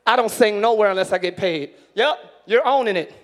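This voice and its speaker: A male pastor preaching a sermon in church, moving from loud shouted lines to quick casual asides. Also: sits high.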